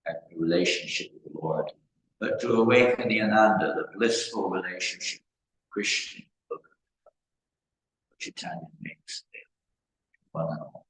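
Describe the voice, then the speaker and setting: Low-voiced English man, spiritual teacher, discursive devotional talk; echoey hall recording. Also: a little slow, long pauses, fairly bright tone. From England. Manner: rambling storytelling with repeated phrases. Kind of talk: devotional discourse. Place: temple hall. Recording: echoey hall with faint noise.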